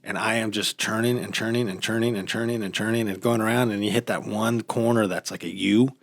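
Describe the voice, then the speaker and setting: Animated man telling riding stories. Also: on the low side, brisk, gravelly, no echo. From United States. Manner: animated storytelling, acts out quotes. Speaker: podcast host. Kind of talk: casual chat.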